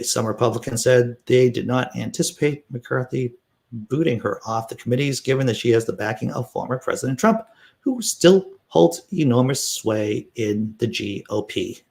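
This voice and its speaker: A man's voice: mid-range voice, normal speed, vocal fry. Sarcastic man reading political news. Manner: sarcastic, animated, laughs while reading. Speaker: political commentary host. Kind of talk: casual political commentary reading news and chat comments.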